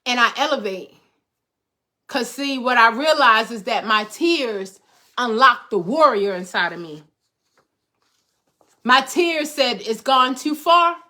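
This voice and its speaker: Middle-aged woman, motivational host, high bright voice, emphatic and preachy. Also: animated, slow pace, long pauses. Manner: emphatic, preachy, repeats phrases for rhythm. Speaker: host, life coach. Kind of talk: motivational talk to viewers.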